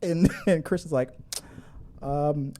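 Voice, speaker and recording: A man's voice: a little high, takes it slowly. A middle-aged man hosting a casual live stream, laughing often and reading viewer comments aloud. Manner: laughing, animated, reads chat comments aloud.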